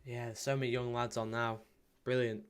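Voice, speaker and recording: A man hosts a live watchalong stream in a clear, resonant voice of middling pitch. He rambles casually between viewer comments and match play-by-play, dotted with ums and restarts. When the chances come, he rushes into quick, excited calls. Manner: bursts into excited play-by-play at goals.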